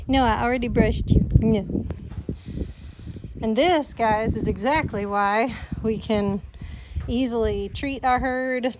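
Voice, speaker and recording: A woman's voice: on the high side, a little hiss or hum. Southern woman cooing over farm animals. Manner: cooing baby talk to animals. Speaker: farm vlogger. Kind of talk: casual farm vlog. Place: outdoors on a farm with goats and chickens.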